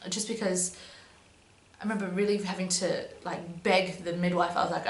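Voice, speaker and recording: A woman's voice: lowish voice, flat delivery, a little fast, gravelly. A young woman telling a personal story in a casual, chatty way, with lots of "um"s and "but yeah"s. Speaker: vlogger. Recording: echoey room with faint hum.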